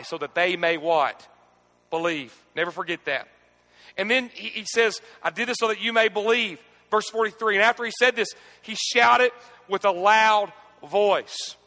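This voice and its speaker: A man preaching a sermon as pastor, swinging between shouting and near-hushed speech. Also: sits high, big-room sound.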